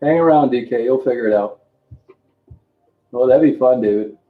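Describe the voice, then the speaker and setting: A man's voice: mid-range voice, moderate pace. An older man hosting a casual livestream, rambling and greeting viewers by name between remarks. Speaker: livestream host. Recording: tinny phone-like sound in an echoey room, faint music.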